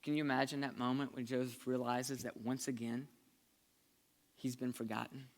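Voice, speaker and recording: A pastor preaching a sermon in a conversational, earnest way, shifting between lively and hushed delivery. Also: male voice, mid-range voice, moderate pace.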